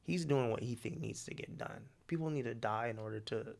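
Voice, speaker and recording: A man co-hosting a podcast, spinning a story in casual chat with slangy, animated delivery. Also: medium pitch, vocal fry. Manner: animated, slangy storytelling with quick acted quotes. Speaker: podcast co-host.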